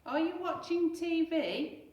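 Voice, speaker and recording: A loud, exasperated mum who nags and shouts, as a woman reads her part. The voice comes from off the mic. It has the echo of a roomy space. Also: medium pitch, lively intonation, moderate pace, recorded from a distance, muffled recording, natural voice. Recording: echoey room, away from mic.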